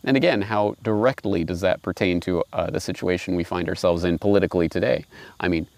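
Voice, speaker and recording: A man reading fables aloud and commenting on them, animated and wry. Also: sits low, brisk, no echo. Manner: animated, wry, laughs at his own points. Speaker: host.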